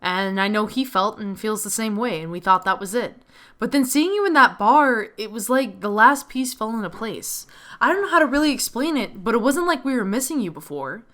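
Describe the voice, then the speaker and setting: A woman reading the lines of an earnest, gentle man from a game, soft-spoken. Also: on the high side, expressive, normal speed. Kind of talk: reading game dialogue aloud.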